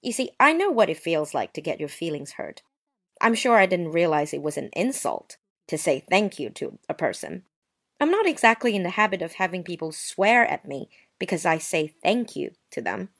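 A woman's voice: lowish voice, big pitch swings, normal speed, vocal fry, fairly bright tone, heavily acted. A woman voicing a touchy, prim young woman who answers with sarcastic, wounded politeness in a dramatized story. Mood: offended. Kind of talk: dramatized short story reading.

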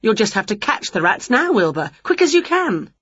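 A scatty, cheerful witch from a storybook, as a woman reads her aloud. She sounds high and excited and stretches her words out playfully. Her voice is husky and swoops widely, and the recording is dull and lo-fi. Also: normal speed, dry recording, exaggerated voice. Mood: bustling.

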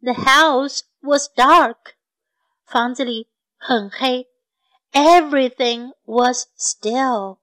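Woman storyteller, high voice, slow and gentle bilingual bedtime reading. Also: poor audio. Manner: gentle, slow and clear, as if for children.

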